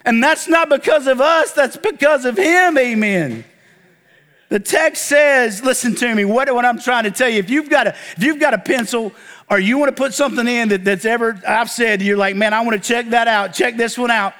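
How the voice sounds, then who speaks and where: A male pastor with a strikingly high voice delivers a sermon. His tone is bright and forceful, and he drives his points home with emphatic calls to the congregation, waiting for them to answer back. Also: normal speed. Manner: preaching with call-and-response to the congregation; animated, emphatic exclamations.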